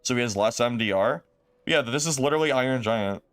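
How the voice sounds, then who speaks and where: A man streaming a game, talking casually and exclaiming often in excitement. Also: medium pitch, brisk, smooth, no room sound.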